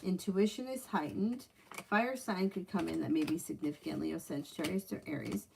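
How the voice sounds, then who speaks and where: Gravelly-voiced woman giving tarot readings. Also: on the low side, normal speed, a little mellow, a little hiss or hum. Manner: blunt, chatty, swears when annoyed. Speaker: tarot reader. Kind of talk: live-stream tarot reading.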